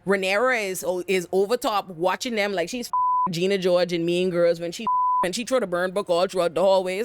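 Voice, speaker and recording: A young woman giving a lively, joking recap of a TV episode, laughing often, cursing playfully and acting out the characters. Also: medium pitch, normal speed, no room sound. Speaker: TV recap host.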